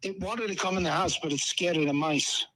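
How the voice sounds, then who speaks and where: A man's voice: high voice, brisk, pushed and bright, low-quality recording. A man calling into a podcast, telling a story casually with plenty of swearing. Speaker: caller.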